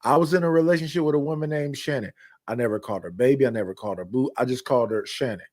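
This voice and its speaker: A man's voice: mid-range voice, rapid-fire, a little mellow. A man in his fifties, a podcast host, telling personal stories in blunt, candid casual chat with repetitive phrasing. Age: 50s.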